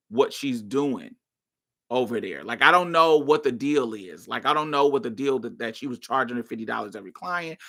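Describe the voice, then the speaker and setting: Blunt, bright-voiced woman telling a story. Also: a bass voice. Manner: blunt and profane, rising to heated outbursts. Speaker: podcast host. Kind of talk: casual storytelling.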